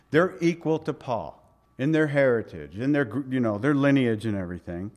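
Emphatic male preacher. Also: mid-range voice. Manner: emphatic, swings from loud stress to quiet asides. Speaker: pastor. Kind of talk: expository sermon.

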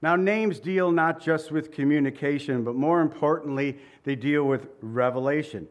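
A man preaching a sermon with emphatic repetition and light asides, now and then chuckling. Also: normal speed. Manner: emphatic, repeats phrases, shifts pitch for quoted lines.

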